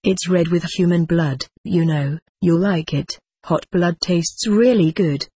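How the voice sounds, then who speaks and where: A reader voicing a boastful, tempting devil with horns and a tail, who makes a wheedling sales pitch in a husky voice. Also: unhurried, dark tone, no room sound. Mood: gleeful.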